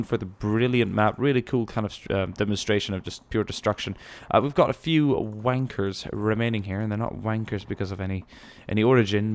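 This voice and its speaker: A man giving casual, rambling gameplay commentary, musing aloud and swearing now and then. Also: on the low side. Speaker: gaming channel host.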